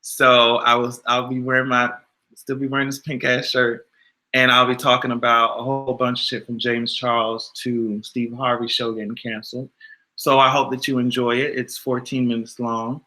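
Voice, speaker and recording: A man hosting a casual livestream, animated and exasperated, swearing freely and answering his chat. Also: medium pitch, normal speed. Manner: animated, exasperated, profane, talks back to chat. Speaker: YouTube livestream host.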